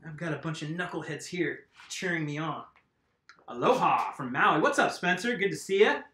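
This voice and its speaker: A man's voice: fairly high pitch, expressive, normal speed, sharp tone. A man hosting a casual live stream, chatting and laughing with viewers while he works on a bike tire. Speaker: mountain bike video host. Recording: echoey room.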